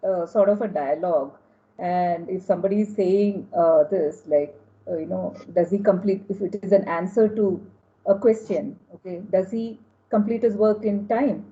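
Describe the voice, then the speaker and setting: Mellow Indian woman, thoughtful. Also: mid-range voice, moderate pace. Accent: Indian English. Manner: agreeable, thoughtful, hesitant. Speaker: workshop participant. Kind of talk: online workshop discussion. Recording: dull lo-fi call audio.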